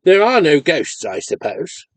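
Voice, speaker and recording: A man's voice: fairly high pitch, huge pitch swings, a little slow, no room sound, exaggerated voice. A man voicing a genteel unmarried woman of modest means who speaks in a polite, prim way. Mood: doleful.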